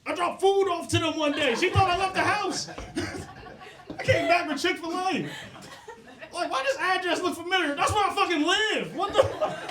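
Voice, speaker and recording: A man's voice: extremely high pitch, background noise. A young man doing a profane stand-up set, riffing with the crowd and laughing at his own jokes. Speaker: stand-up comedian. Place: comedy club stage. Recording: roomy club sound.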